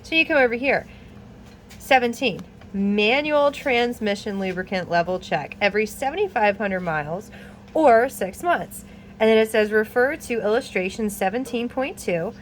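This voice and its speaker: A woman vlogger casually explaining car repair while reading a manual aloud, chatty and animated with frequent laughs and exasperated asides. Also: fairly high pitch, moderate pace, a little hiss or hum.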